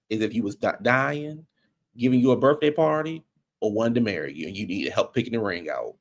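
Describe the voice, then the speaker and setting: Gravelly man giving blunt recap commentary. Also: brisk. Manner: animated, acts out quotes in high voices; blunt and slangy. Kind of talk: casual commentary.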